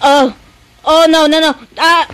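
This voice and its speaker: A woman's voice: high voice, steady tone, unhurried, fairly bright tone, rough recording. A woman commentating her own horror game playthrough, talking to herself, easily startled and swearing often, scared with shaking hands. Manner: jumpy, swears a lot, talks to herself. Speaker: gaming YouTuber.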